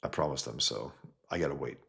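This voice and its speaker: A man's voice: rumbling low, brisk, gravelly, a bit bright. A man hosting a casual livestream, reading chat comments and rambling bluntly, often trailing off mid-sentence.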